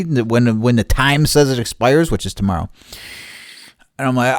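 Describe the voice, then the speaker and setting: A man hosting a podcast, telling a long, profane, animated story and acting out both sides of a support call. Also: fairly low pitch, fairly quick, dry recording, studio quality. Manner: animated, swears constantly, acts out both sides of conversations. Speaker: podcast host.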